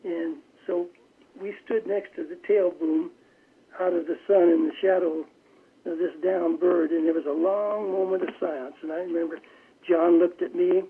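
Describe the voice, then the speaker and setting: Older man with a gravelly, high voice over the phone. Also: fairly even intonation. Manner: measured storytelling with frequent restarts. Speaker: phone-in guest. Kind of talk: recounting a war memory in an interview. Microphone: telephone. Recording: tinny phone line on radio.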